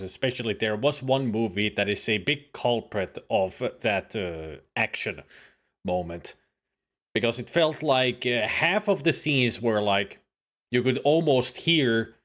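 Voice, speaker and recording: A man's voice: medium pitch, a bit bright. A man casually talking over a detective game on a live stream. He rambles through his thoughts, piling up fillers and restarts. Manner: rambling, filler-heavy, hums tunes.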